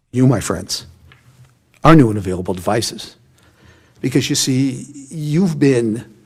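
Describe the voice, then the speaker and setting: Guy giving a graduation speech, folksy and emotional, kinda husky voice. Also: medium pitch, darkish tone. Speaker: commencement speaker. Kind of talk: commencement speech. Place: large hall.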